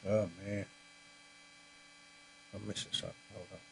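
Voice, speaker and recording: With a flat delivery, vocal fry, and a lowish voice at a moderate pace, a man runs a live podcast from his home, Christmas tree in the room. Worn out from a long day, he yawns and chats casually and directly with viewers, calling them "y'all," over background noise.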